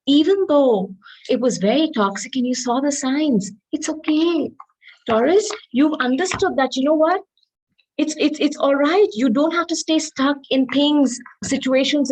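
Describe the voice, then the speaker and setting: On a low-quality recording, a tarot reader with a slightly high voice addresses the listener directly. Her manner is earnest and coaxing, she keeps asking "okay?", and she reads out each card's message slowly.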